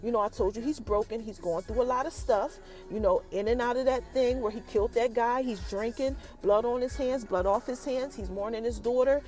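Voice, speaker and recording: A woman hosting a podcast, recapping an episode in an animated casual chat that talks straight to her listeners. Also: a little high, brisk, few pauses. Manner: animated, addresses listeners directly as y'all. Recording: light background music.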